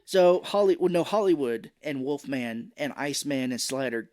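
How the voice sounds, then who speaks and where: A mid-range-voiced man co-hosts a laid-back movie recap podcast, going through the plot scene by scene. He speaks in an easy, chatty way, repeatedly slipping into quick character impressions.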